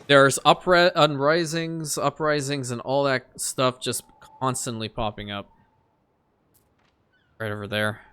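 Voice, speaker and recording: A man narrates his strategy game in a casual let's-play style, his voice bright and ringing. He mutters along as he plays and talks straight to the game. Now and then he blows up into loud, exasperated rants. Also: medium pitch, steady tone, measured pace, clear, resonant tone. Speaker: gameplay commentator.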